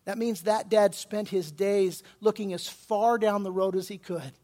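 Pastor, male, high-pitched, passionate preacher who voices the quotes himself, then turns quiet and tender. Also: steady tone, a little slow, few pauses. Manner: impassioned, acts out prayers and Bible figures in quotes; drops to soft, quiet tones when closing. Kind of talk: sermon.

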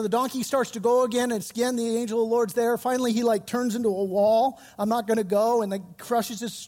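A man's voice: very high-pitched, big-room sound. A man pastor giving a sermon, retelling scripture in casual, slangy storytelling.

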